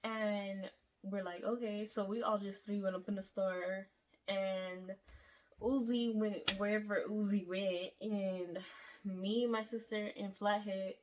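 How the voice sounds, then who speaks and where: A woman's voice: medium pitch, fairly even intonation, slow pace, a little mellow, slight background noise. Chatty, profane young woman vlogger. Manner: chatty, profane, addresses viewers as y'all. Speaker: vlogger telling a storytime. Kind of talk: casual storytime monologue.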